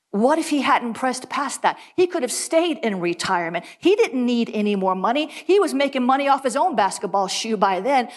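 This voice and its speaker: A woman preaching a sermon, telling animated stories with quick asides and laughs. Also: high voice.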